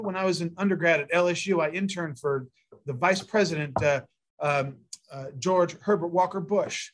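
Man, middle-aged, interview guest, long-winded storyteller, fillers and restarts, slightly high pitch. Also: normal speed. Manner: rambling, many fillers and restarts. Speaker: guest, mayor and prosecutor candidate.

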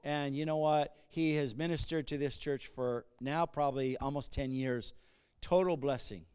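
A male pastor giving a sermon, moving between conversational asides and loud call-and-response bursts. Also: mid-range voice, steady tone, normal speed, smooth.

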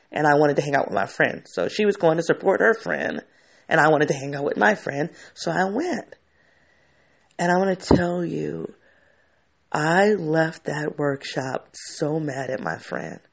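A man's voice: on the high side, animated, a little slow, gravelly. A man telling a candid personal story to camera, reflective and often restarting his sentences.

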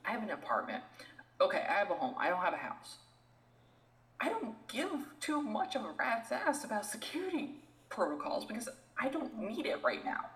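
A woman co-hosting a podcast, ranting in an animated, exasperated way in casual chat. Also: mid-range voice, normal speed, reverberant, rough recording. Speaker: podcast co-host.

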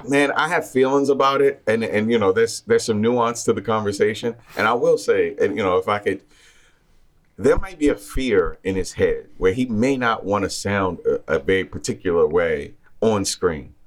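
Halting, thoughtful man reviewing films. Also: fairly low pitch, expressive. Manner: halting, restarts often, thoughtful. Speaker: film podcast co-host. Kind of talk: casual film review chat.

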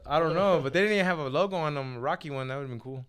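A man telling an animated, slangy anecdote as a podcast guest, laughing as he goes. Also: on the high side, very fast, clean tone. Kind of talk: storytelling anecdote.

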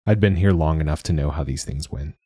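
Super deep dark-toned guy reading an audiobook, wry and measured, bone dry sound. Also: breathy edge, dry recording. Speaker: narrator. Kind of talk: first-person audiobook narration.

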